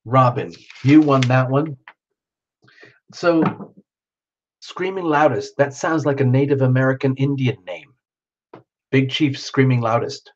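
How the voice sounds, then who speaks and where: A man hosting a live tarot reading stream, chatting casually and greeting viewers by name, with excited whoops now and then. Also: mid-range voice, a little hiss or hum. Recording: dull lo-fi stream audio.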